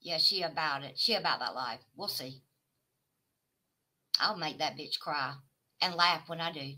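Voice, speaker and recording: A woman, live streaming a profane, taunting rant at a rival, swinging from shouted demands to low mutters. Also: measured pace, poor audio. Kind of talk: confrontational livestream rant.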